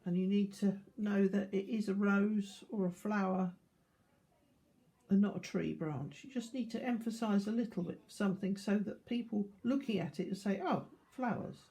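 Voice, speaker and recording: An older woman gives a calm, explanatory watercolour demonstration, talking through each step as she paints. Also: medium pitch, normal speed. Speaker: art teacher.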